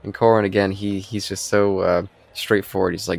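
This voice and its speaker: A man's voice: low-pitched, level tone, normal speed, vocal fry, hardly any pauses, no echo. A man co-hosting a podcast, chatting casually about a TV episode and retelling scenes with quoted lines and frequent laughs. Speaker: podcast co-host. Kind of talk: casual chat reviewing a TV episode.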